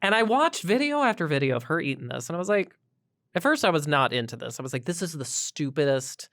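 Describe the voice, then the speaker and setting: A woman's voice: deep voice, sing-song, quick pace, a bit bright. A woman hosting a podcast, telling rambling jokey stories in casual chat. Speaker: podcast host.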